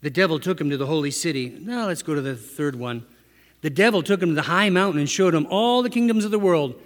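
A man's voice: on the high side, lively intonation, fast. A man preaching a sermon in a conversational way, asking his listeners rhetorical questions. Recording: echoey hall reverb.

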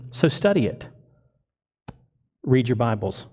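A man's voice: a little high, expressive, unhurried, darkish tone, lo-fi sound. A male pastor delivering a sermon to his congregation, emphatic and full of rhetorical questions. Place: church congregation.

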